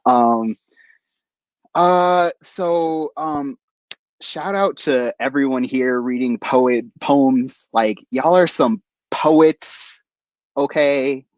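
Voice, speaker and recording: A man's voice: medium pitch, drawn-out words, no echo. A man on a video call at an online open mic, introducing himself with many fillers and then reading a poem. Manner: relaxed, hesitant with many fillers. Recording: dry, dull lo-fi call audio.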